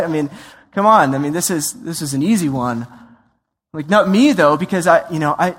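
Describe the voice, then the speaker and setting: A man preaching a sermon in a conversational, animated way, acting out voices and asides. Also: fairly high pitch, brisk. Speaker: pastor. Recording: long hall reverb.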